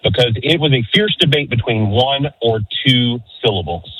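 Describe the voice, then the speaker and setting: A man's voice: medium pitch, animated, moderate pace, a bit bright, husky, dry recording. A man calling into a sports radio show with a dry, joking manner. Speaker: caller. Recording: muffled phone-in line.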